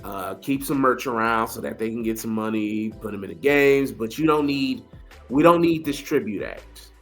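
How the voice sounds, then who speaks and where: A man's voice: mid-range voice, animated, normal speed, a bit bright, faint music behind. A man co-hosting a casual wrestling chat, talking in a laid-back, dry way. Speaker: podcast co-host.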